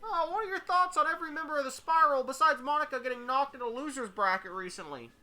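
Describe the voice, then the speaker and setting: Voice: sits high, lively intonation, quick pace, pushed and bright, voice pushed up, exaggerated voice. A narrator voicing an eager man asking a question from a press crowd.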